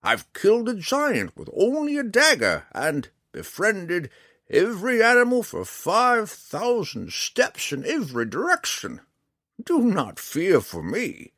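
A proud, wry old forest ranger booms out his lines slowly and grandly, as a male audiobook narrator puts him on. The voice sits well above the reader's own low register and swings widely in pitch. It is a little husky and sounds dry and close. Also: huge pitch swings, a bit bright, no room sound, heavily acted. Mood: boastful. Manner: slow, booming, theatrical delivery.

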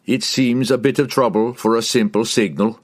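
A man's voice: medium pitch, steady tone, normal speed, voice pushed up, natural voice. A man reading the part of a blunt, wary barbarian warrior. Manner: blunt, forceful.

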